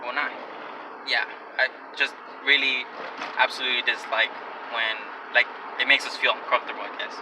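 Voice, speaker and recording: Young male vlogger, mid-pitch, rambling and awkward, recorded from a distance in a car with loud road noise. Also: flat delivery, moderate pace. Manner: rambling, self-conscious, often restarts. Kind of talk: casual vlog rant. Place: in a car while driving. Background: car and traffic noise.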